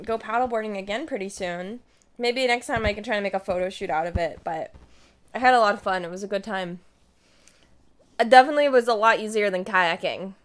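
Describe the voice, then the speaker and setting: Telling a story to her live stream viewers, a woman in her twenties casually acts out the lines she and her friends said. She speaks in a mid-range voice with a fairly bright tone.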